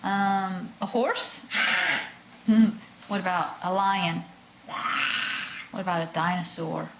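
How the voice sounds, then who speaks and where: A woman's voice: lowish voice, slow, reverberant, heavy background noise. A mother patiently coaxing her toddler in a home video, with sing-song prompts.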